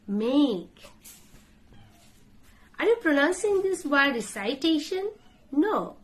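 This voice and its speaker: A woman teaching English pronunciation. She spells words out letter by letter and repeats each one many times as she corrects common mistakes. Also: sits high. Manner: corrects common mispronunciations in short drill phrases. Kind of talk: pronunciation lesson.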